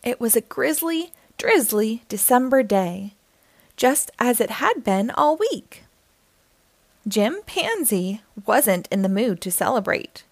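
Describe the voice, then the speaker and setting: A woman's voice: on the high side, very animated, slow, no room sound. A woman reading a children's picture book aloud, giving the characters their own voices. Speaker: storyteller.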